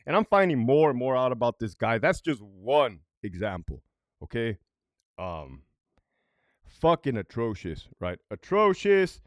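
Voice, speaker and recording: Animated, swearing former prison guard. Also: male voice, mid-range voice, a little slow, no room sound, clean studio sound. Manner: profane, keeps asking "right?"; animated and worked up. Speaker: former correctional officer. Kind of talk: storytime commentary.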